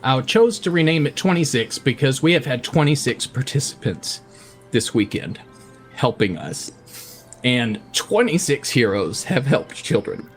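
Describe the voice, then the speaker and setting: A man's voice: medium pitch, expressive, a little slow, soft background music. A man running a tabletop game as game master, narrating in a heartfelt, emotional way.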